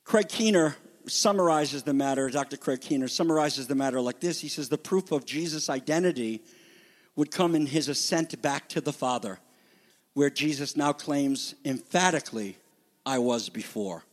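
A man preaching a sermon as pastor, moving from quiet, low scripture reading to loud, high emphatic declarations. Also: moderate pace. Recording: long reverb of a hall.

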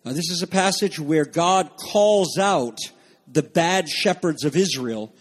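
A male pastor delivers a sermon in an earnest voice, leaning hard on key phrases and slipping in fillers and asides. His voice sits a little high for a man and has a husky edge. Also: expressive, a little slow.

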